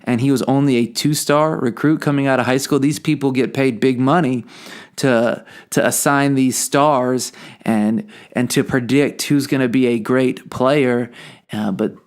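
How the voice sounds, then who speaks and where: A man's voice: mid-range voice, fairly even intonation, measured pace. Earnest man giving motivational talk. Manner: earnest, repeats words while thinking. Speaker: podcast host. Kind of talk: motivational podcast monologue.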